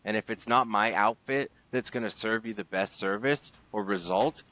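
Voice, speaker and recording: A man's voice: on the low side, normal speed, sharp tone, no room sound. Emphatic, slangy man, dry sound. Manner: enthusiastic, emphatic, casual slang. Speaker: guest, sales leader and author. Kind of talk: podcast interview.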